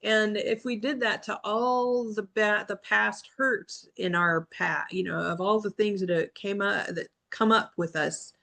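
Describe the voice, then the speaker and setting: Woman, video call, reflective, rambling, restarts a lot, mid-pitched voice. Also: steady tone, measured pace, vocal fry, few pauses, a bit bright. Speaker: book club member. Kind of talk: casual group video call chat.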